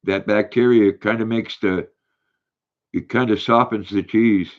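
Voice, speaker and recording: An older man hosts a casual livestream, rambling from one thought to the next. His voice sits low and a little dull, as if through a lo-fi mic. He halts and restarts often while reading comments aloud. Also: steady tone. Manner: rambling, halting, reads viewer comments aloud. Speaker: livestream host reading chat.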